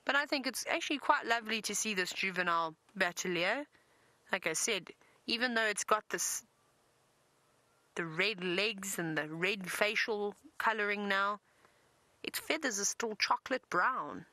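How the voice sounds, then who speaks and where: A woman's voice: medium pitch, moderate pace, bright, forceful tone, no room sound, rough recording. A woman presenting a live safari drive, chatty and enthusiastic, talking from an open vehicle in the wind. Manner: chatty, enthusiastic, self-deprecating.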